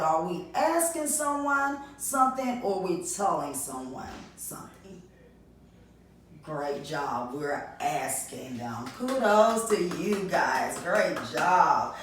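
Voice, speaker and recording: A woman's voice: fairly low pitch, heavy reverb, recorded from a distance, slight background noise. A woman teacher giving a recorded reading lesson to young children, with sing-song praise and call-and-response prompts.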